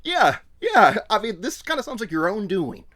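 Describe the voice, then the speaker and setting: Male comic podcast co-host, lively swooping delivery, voices other people for laughs. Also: high voice, moderate pace. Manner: animated, joking, mock-quotes people in voices. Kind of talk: casual comedic recap chat.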